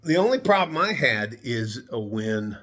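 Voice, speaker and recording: A man's voice: medium pitch, sing-song, measured pace, fairly bright tone. A man telling a story to the camera in a rambling, casual way, laughing often and swearing now and then. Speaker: vlogger.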